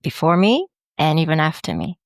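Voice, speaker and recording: A woman with a French accent, a life coach guest chatting on a podcast, halting with fillers and restarts. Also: sits low, wildly swooping pitch, gravelly, dry recording, clean studio sound. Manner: hesitant, many fillers and restarts. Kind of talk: casual podcast chat.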